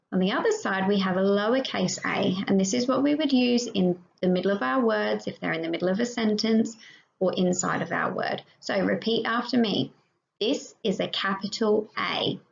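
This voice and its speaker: A woman teacher with an Australian accent giving a slow, encouraging phonics lesson to young children, sounding out each letter. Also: mid-range voice, creaky. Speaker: prep teacher. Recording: dull lo-fi sound.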